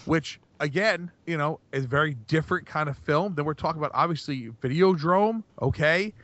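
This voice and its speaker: A man's voice: a little high, a little fast, fairly bright tone, dry recording. A man co-hosting a podcast in casual chat, rambling with many restarts and fillers. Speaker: podcast co-host. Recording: dry, dull lo-fi podcast mic.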